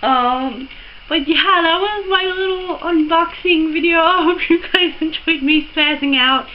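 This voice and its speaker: Young woman vlogger with a high voice, gasping and gushing over an unboxing; dull lo-fi home recording. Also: a little slow, a little hiss or hum. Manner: gushing, gasping, breathless with excitement. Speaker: beauty vlogger. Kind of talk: excited unboxing vlog.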